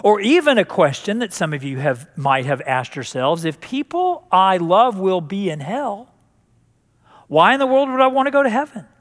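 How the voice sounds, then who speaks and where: A man's voice: high voice, sing-song, normal speed, big-room sound. A man pastor preaching a sermon in a joking way, often repeating words and restarting sentences.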